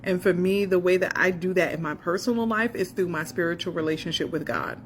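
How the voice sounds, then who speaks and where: A faith coach in her forties shares an earnest, emotional personal testimony, speaking straight to the listener. Her voice is fairly low and brisk, with slight background noise.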